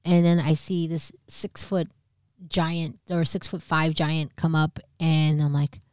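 A woman's voice: low-pitched, level tone, slow pace, a little mellow, clean tone, dry recording, clean studio sound. A woman in her thirties casually telling a personal story on a podcast, candid and swearing, acting out the other people in it. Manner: candid, swearing, acts out quoted voices. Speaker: podcast co-host.

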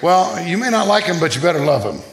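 A man's voice: on the high side, very animated, quick pace, roomy sound. A male pastor preaching a sermon, asking rhetorical questions and calling on the congregation to repeat lines after him.

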